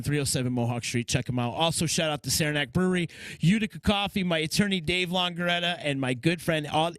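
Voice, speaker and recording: A man's voice: on the high side, fairly bright tone, no room sound. A man hosting a podcast in casual chat. He praises his guests with enthusiasm and reads out sponsor plugs. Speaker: podcast host.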